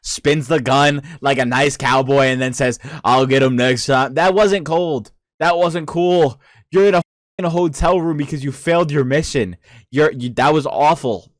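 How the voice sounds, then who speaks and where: A young man hosting a reaction video, talking casually in an excitable, profane, rambling way. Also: a little high, moderate pace, dry recording, clean studio sound.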